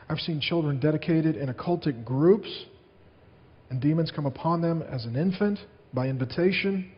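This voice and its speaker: A man preaching from the pulpit in a fairly high voice, earnest and storytelling as he speaks to his congregation. The sound comes from a dull, lo-fi archive recording of the sermon. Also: long reverb tail. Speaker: pastor.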